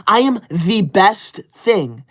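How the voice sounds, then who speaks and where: A man in his twenties playing a touchy, self-important young livestreamer who reads super chats in an indignant, whiny way and shouts at viewers. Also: high voice, sing-song, slow, exaggerated voice. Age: 20s. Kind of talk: parody livestream skit.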